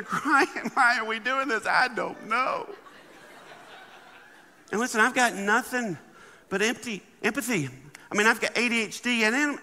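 A man giving a humorous sermon as a guest speaker, animated and acting out the people in his stories. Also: very high-pitched, slight background noise. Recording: long hall reverb.

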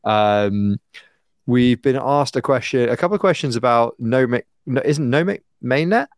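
A man's voice: medium pitch, moderate pace, no room sound, clean studio sound. A man hosting a podcast who leads the segments with wry jokes and teasing. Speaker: podcast host. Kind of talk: casual chat.

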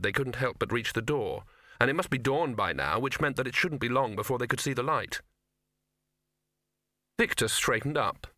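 A male audiobook reader with a bright, mid-range voice delivers scripted narration. The recording is dry and clean, with studio quality.

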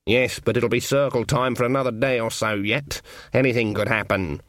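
A man's voice: mid-range voice, fairly even intonation, moderate pace, a bit bright, no room sound, clean studio sound, close to an everyday voice. A man voicing a stern, proud old woman witch in an audiobook, curt and firm. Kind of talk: audiobook reading.

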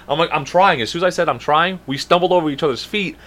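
A young man in his twenties co-hosting a podcast, telling a story in a casual, animated and profane way and acting out the quotes. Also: on the high side, very fast. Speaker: podcast co-host.

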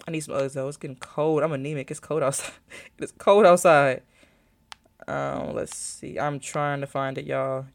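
A woman's voice: rumbling low, flat delivery, fairly quick, creaky, few pauses. A young adult woman, a college student, chatting casually to her viewers, rambling and thinking aloud while she searches her phone. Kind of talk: casual vlog chat to viewers.

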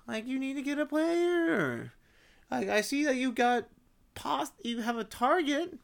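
A man rambling in a casual vlog monologue, swearing and cutting himself off, in an unusually high, strained voice. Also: very animated, measured pace, creaky. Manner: rambling, swearing, self-interrupting. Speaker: vlogger.

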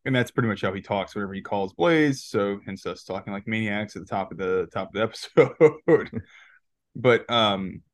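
A man's voice: on the low side, expressive, normal speed, no echo. A man co-hosting a podcast, rambling through a movie recap in casual chat, laughing often and restarting his sentences. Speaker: podcast co-host.

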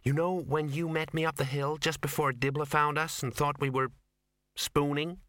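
A man's voice: on the high side, flat delivery, fairly bright tone, no echo, studio quality, voice pushed up, lightly acted. A man playing Ginger, a fiery anxious young actress. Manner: quick, anguished and snappish.

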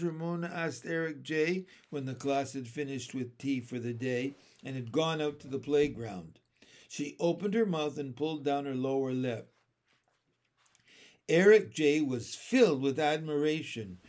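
A man reading a children's chapter book aloud in a calm, careful storytelling manner. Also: fairly high pitch, a little slow. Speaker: storybook reader.

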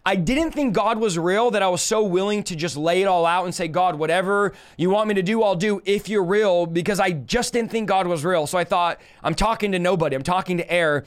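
A man's voice: high voice, fairly quick, few pauses, clear, resonant tone. A man in his thirties telling his testimony on a live stream as a preacher, fervent and emphatic, repeating phrases and speaking straight to his viewers.

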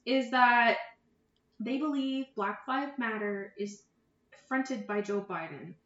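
A Canadian woman co-hosts a casual podcast in a somewhat high voice. She speaks bluntly and agrees readily. The room sounds echoey and the recording is dull. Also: takes it slowly, fairly bright tone. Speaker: podcast co-host. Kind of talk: casual chat.

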